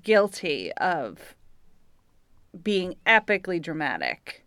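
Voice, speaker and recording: A middle-aged woman co-hosting a casual chat, telling an animated family story and laughing often. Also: on the low side, slow, clear, resonant tone, no room sound, clean studio sound.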